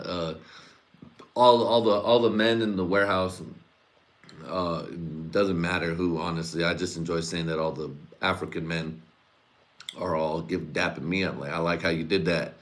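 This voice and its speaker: A man's voice: low voice, steady tone, moderate pace. A man hosting his own podcast, rambling through comedic ideas with lots of fillers, laughter and swearing. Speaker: podcast host. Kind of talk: solo comedic riffing.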